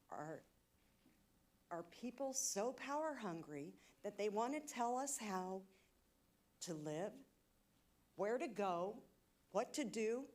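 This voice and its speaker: A woman's voice: mid-range voice, darkish tone. A woman giving an emotional, indignant public comment at a city council meeting. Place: council chamber.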